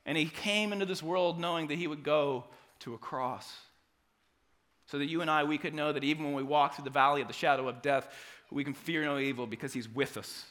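A man preaching a sermon, moving from hushed, quiet passages to loud, animated retellings. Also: a little high, fairly quick. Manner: dynamic preaching, drops to soft quiet passages and rises to loud acted quotes. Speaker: pastor.

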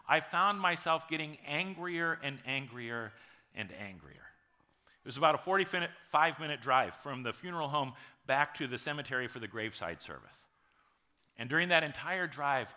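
A man in his forties, a pastor preaching a sermon in a conversational storytelling way, with dramatic pauses. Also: a little high, pushed and bright.

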